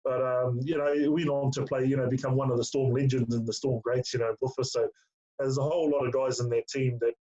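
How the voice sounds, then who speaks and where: A man's voice: mid-range voice, little pitch movement, quick pace, mellow. Rambling middle-aged guy telling footy yarns, says mate a lot, sound kinda muffled. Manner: storytelling with lots of fillers, calls the host mate. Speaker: interview guest, former player. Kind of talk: casual chat. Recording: lo-fi dull sound.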